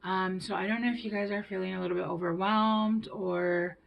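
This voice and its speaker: A woman giving a tarot reading to her viewers, gentle and reassuring, with hushed whispered asides. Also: mid-range voice, steady tone, normal speed, vocal fry, lo-fi sound, a little hiss or hum. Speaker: tarot reader.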